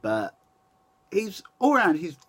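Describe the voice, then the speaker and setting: A man's voice: sits high, wildly swooping pitch, a little slow, slightly rough. A young man chatting casually to camera in a rambling way, often restarting and correcting himself. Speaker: vlogger.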